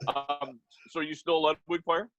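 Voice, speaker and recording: Bright, dry-sounding male host. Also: a little high, level tone, moderate pace, no room sound, lo-fi sound. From Halifax, Canada. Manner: chatty fan-style questions, loose and rambling. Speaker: podcast host. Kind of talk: casual interview.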